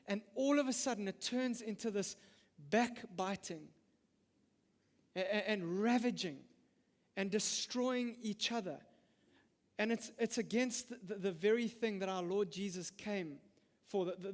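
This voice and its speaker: A man's voice: sits high, unhurried. A middle-aged man preaching a sermon, emphatic, with frequent stammered restarts. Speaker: pastor. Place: church hall. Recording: long reverb of a church hall.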